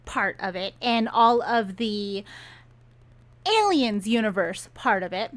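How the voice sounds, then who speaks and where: A woman's voice: mid-range voice, animated, slow pace. Exasperated woman ranting about a book. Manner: exasperated, sarcastic retelling. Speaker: book reviewer.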